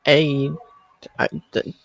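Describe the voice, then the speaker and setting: Man, tabletop player, casual chat, halting delivery, dry close sound. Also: dry recording.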